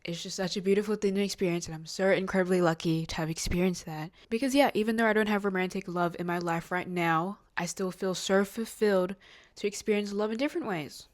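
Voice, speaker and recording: A woman's voice: medium pitch, steady tone, quick pace. A nineteen-year-old woman hosting a solo podcast, talking in a rambling, heartfelt way with lots of fillers and restarts. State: near tears at moments, emotional. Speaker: podcast host. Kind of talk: casual solo podcast monologue.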